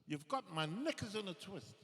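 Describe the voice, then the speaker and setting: A male comedian voicing a stern, fed-up mother who scolds her son, with a raised, exasperated pitch. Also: animated, moderate pace, a bit bright. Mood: scolding. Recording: reverberant theatre hall.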